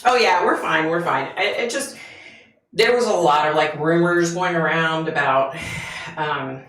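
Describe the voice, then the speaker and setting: A woman's voice: low voice, a little slow, fairly bright tone, reverberant, low-quality recording. A woman hosting a casual livestream from the United States, chatting with viewers and greeting them by name, with lots of fillers. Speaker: livestream host.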